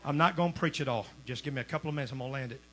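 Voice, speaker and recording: A man preaching a Pentecostal sermon as a guest preacher, telling a testimony, swinging from hushed storytelling to shouting. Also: medium pitch, rapid-fire. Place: church sanctuary.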